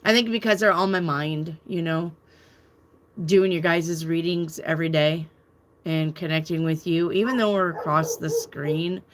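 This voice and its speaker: A woman's voice: sits low, steady tone, unhurried, slight background noise. A woman hosting a live tarot channel, chatting casually and candidly, reading out viewer comments and swearing freely. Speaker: tarot reader and channel host. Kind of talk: casual live-stream chat.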